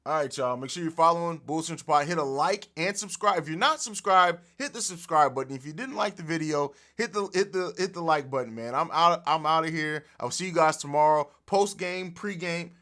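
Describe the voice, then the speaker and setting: A man hosting a casual sports podcast livestream from a home studio, animated and profane, laughing often, recorded on an overhead mic. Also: a little high, brisk, few pauses. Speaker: podcast host.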